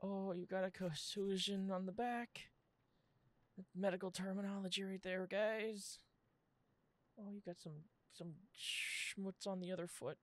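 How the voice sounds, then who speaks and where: A woman's voice: medium pitch, steady tone, a little slow. A young adult woman streaming a horror game, jokey and jumpy, swearing as she plays. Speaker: gaming streamer. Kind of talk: casual horror game commentary.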